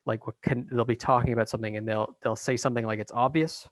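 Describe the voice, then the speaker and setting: Flat-voiced hesitant man guest. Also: mid-range voice, quick pace, no room sound, rough recording. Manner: hesitant, many fillers and restarts. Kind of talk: casual conversation.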